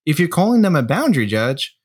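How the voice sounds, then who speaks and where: A man's voice: a little high, very animated, a little fast, a little mellow, husky. A man, the host, chatting casually with jokes and blunt, crude asides. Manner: joking,喜 reacts with laughs and crude asides. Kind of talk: casual chat.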